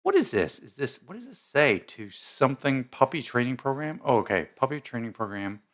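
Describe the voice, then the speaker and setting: Male commentary host, lively pitch, casual and bemused, rambling reads. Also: normal speed. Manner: bemused, rambling, many fillers and asides. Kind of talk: casual reaction commentary reading posts aloud.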